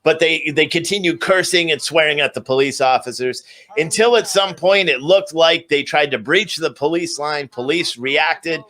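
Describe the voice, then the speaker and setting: Guy ranting on a livestream, kinda high voice, sarcastic recap of the night. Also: normal speed, hardly any pauses, sharp tone. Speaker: livestream commentator. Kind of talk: live-stream commentary recap.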